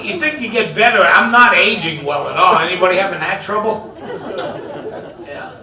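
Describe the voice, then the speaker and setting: An older man, an after-dinner speaker telling stand-up style comic stories, building to excited shouted punchlines. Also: high-pitched, moderate pace, crowd noise. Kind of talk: stand-up storytelling. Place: large event hall with an audience. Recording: echoey hall, mic at a distance, audience laughter.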